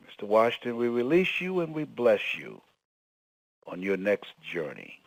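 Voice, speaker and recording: A man, a motivational speaker and guest on a call-in line, telling a story emotionally, close to tears, swinging from loud outbursts to hushed tones. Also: on the low side, huge pitch swings, normal speed, no echo, low-quality recording.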